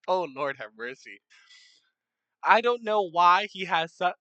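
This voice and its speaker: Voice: medium pitch, big pitch swings, a little slow, pushed and bright, dry recording, poor audio. Rambling casual map-series narrator, dry sound. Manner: rambling, many fillers and self-corrections, joking asides. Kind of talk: casual game commentary.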